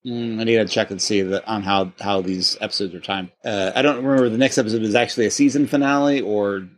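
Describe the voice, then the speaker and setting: A man's voice: on the low side, steady tone, fast talker, a little hiss or hum. A man hosting a casual chat, talking in loose rambling stretches with many restarts. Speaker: podcast host.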